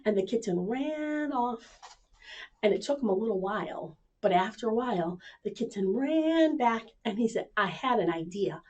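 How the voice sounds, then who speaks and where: A woman librarian telling stories to children at home, animated and inviting them to join in. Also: on the high side, normal speed. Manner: animated, speaks to kids at home. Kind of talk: children's storytime reading.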